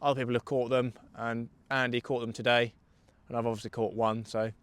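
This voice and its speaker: A young English man gives casual live commentary while fishing from a riverbank outdoors, joking and taking viewers' questions. His mid-range voice is fairly bright and clean, delivered flatly and fairly quickly.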